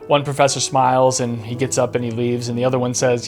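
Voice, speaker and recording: Male podcast host, earnest storyteller, average pitch, faint guitar bed. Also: level tone, brisk. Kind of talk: storytelling narration. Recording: faint guitar music behind. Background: soft guitar music.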